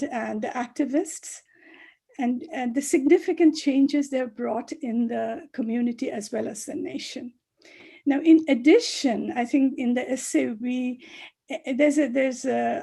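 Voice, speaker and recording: A woman speaking as a panelist on a video call, halting often with fillers and restarts. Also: high-pitched, creaky, mellow, breathy edge. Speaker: panelist, chapter co-author. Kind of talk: virtual panel talk.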